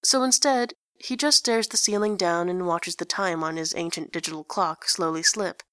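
A woman reading fiction aloud in an even, plain storytelling manner. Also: fairly low pitch, moderate pace, dry recording, studio quality. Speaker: narrator.

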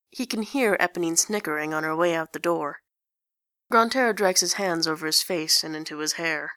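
A woman reading fiction aloud in an even, plain storytelling manner. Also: low-pitched, normal speed, no echo, clean studio sound. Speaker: narrator.

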